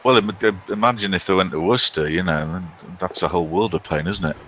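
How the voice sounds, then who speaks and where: A man's voice: low-pitched, fast, a bit bright, slight background noise, low-quality recording. A middle-aged British man commentating on a live game stream and reading out viewer chat in a chatty, wry, self-mocking way. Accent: British English.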